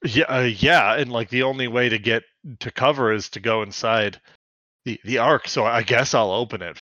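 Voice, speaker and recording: A man's voice: mid-range voice, normal speed, bright, forceful tone, dry recording, lo-fi sound. A man co-hosting a podcast, recapping a cartoon in chatty casual talk full of fillers. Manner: chatty, filler-heavy, laughs often. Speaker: podcast co-host.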